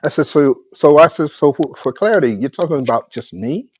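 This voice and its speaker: In a lo-fi clip with no room sound, a male podcast host with a fairly high, husky, animated voice tells the story of a conversation, playing both parties himself. He speaks casually but haltingly, often stopping, repeating words, and starting over.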